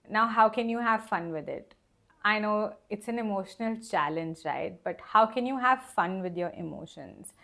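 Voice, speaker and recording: A young woman talks through a tarot reading in a soft, unhurried, rambling way. She fills her sentences with fillers and small laughs as she thinks aloud. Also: medium pitch. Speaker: tarot reader. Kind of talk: casual spoken tarot reading.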